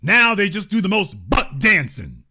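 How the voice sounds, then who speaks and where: A man hosting a commentary show, delivering an animated monologue in a blunt, emphatic, repetitive way. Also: high voice, unhurried, breathy edge.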